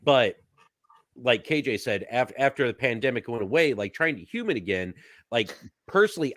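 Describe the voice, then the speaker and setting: A man co-hosting a chat show, sniffly from a cold, talking in a halting way with many restarts. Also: mid-range voice, no echo, studio quality. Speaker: co-host. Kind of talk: casual chat.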